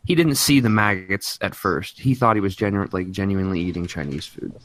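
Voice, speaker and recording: A man on a casual podcast, speaking haltingly and filling with constant "like". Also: low-pitched, a bit bright. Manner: halting, filler-heavy with constant likes.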